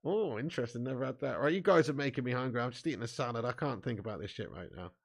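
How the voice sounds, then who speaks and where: A man's voice: medium pitch, lively intonation, rapid-fire, gravelly. A young man hosting a live football watch-along, bantering with chat, laughing often, swearing and calling everyone mate. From southern England. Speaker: fan channel host.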